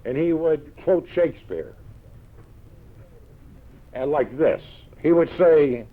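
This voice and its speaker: A man with a New York accent telling gruff, punchy stories to a meeting audience, full of quoted one-liners. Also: on the high side, animated, takes it slowly, long pauses. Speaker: recovery meeting speaker. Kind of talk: storytelling talk to an audience. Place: large event hall. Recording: tinny old 1970s tape recording.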